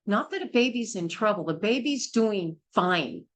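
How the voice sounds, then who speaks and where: An older woman, a midwife, gives a blunt and forceful childbirth class lecture, scolding and repeating herself. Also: medium pitch, lively intonation, normal speed, poor audio. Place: small indoor class.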